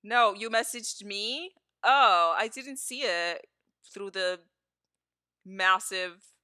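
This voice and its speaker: A woman's voice: medium pitch, takes it slowly, sharp tone, no echo, studio quality. A woman live streamer chatting casually with her viewers, laughing often and swearing freely.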